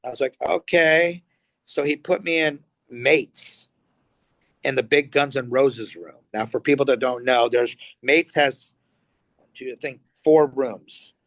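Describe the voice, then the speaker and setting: He's a middle-aged Angeleno sitting in as a guest musician for a relaxed interview, taking his time as he tells stories in a medium-pitched voice. He animates them by acting out quotes and doesn't shy from swearing. No room sound is audible.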